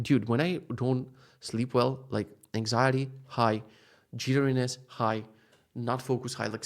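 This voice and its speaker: A man in his thirties talks alone into a podcast mic in a loose, casual monologue. He swears freely and swings between loud, heated rants and quiet, low asides, and his voice sits at an ordinary middle pitch. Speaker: podcast host.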